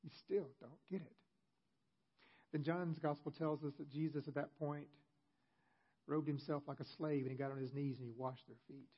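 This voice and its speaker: A man's voice: fairly high pitch, level tone, fairly quick, highs cut off. A male pastor giving a sermon in a conversational storytelling manner with humorous asides.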